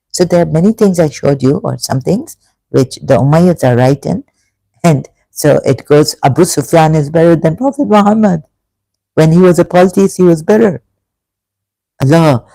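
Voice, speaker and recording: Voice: mid-range voice, mellow, no room sound, low-quality recording. A speaker giving an emotional, rambling monologue commentary with many restarts. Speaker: religion critic.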